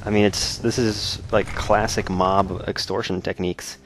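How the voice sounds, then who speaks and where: A man's voice: fairly low pitch, level tone, measured pace, hardly any pauses, a little hiss or hum. A man hosting a let's play, giving jokey, sarcastic commentary while he plays. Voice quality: jokey, sarcastic, laughs often. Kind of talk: joking gameplay commentary.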